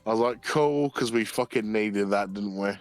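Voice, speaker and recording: A man's voice: on the low side, flat delivery, moderate pace, soft background music. A young man chatting casually on a stream, telling stories with a lot of swearing and laughter. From United Kingdom. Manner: sweary, giggly storytelling. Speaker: streamer co-host.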